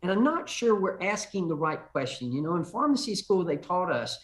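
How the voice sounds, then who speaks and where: An older congressman answers call-in questions with insistent emphasis. He often stumbles and repeats the first words of a sentence. His speaking voice sits a bit high for a man. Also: very animated, normal speed, few pauses.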